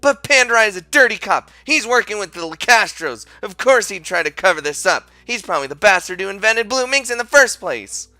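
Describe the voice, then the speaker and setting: A man's voice: sits high, lively intonation, a little fast, hardly any pauses, dry recording, heavily acted. A man doing a brash, hot-headed young woman detective. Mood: furious. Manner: loud, indignant, swearing. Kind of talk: fan dub voice acting.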